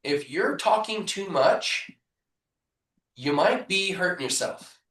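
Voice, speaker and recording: A man coaching real estate agents in a live training, punchy and energetic, often asking rhetorical questions over a video call. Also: sits high, slow pace. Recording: echoey room, voice far from mic.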